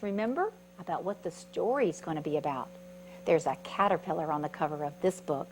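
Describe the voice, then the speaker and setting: A woman reads a picture book aloud for children, her voice swinging up and down in a very animated way. She keeps pausing to ask her little listeners questions. A faint hum sits under the recording. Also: lowish voice, low-quality recording. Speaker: storyteller reading to children. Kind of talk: children's storytime read-aloud.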